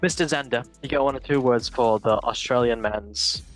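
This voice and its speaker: A man's voice: medium pitch, normal speed, faint music behind. A young man hosting a football show, reading news headlines and joking around in a casual chat. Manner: playful, joking, reads headlines then riffs. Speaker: show host.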